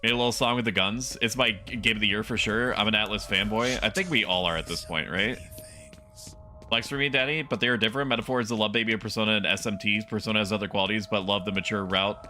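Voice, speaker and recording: A young man livestreaming a video game as a VTuber, chatting with viewers and breaking into loud, animated outbursts at the game. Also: on the low side, quick pace. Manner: animated, yells and laughs at the game. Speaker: VTuber streamer. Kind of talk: gaming livestream commentary.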